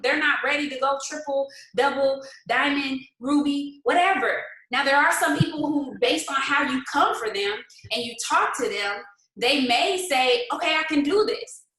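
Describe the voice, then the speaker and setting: A woman leading a motivational livestream for her sales team, animated and talking straight to viewers in the comments. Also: high-pitched, roomy sound, low-quality recording. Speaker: network marketing team leader.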